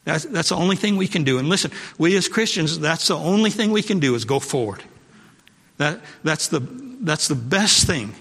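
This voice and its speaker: A man's voice: fairly high pitch, lively intonation, normal speed, creaky, fairly bright tone, husky. A male pastor preaching a sermon, repeating his points and calling out to the congregation. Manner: preachy, repeats phrases for emphasis, calls to the congregation. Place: church sanctuary. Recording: long hall reverb.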